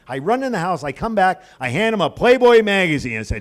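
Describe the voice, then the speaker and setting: A man performing a stand-up comedy set on a club stage, ranting loudly and with exasperation, swearing freely, into a handheld mic. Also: high voice, sing-song, fast talker. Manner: loud, exasperated ranting with profanity.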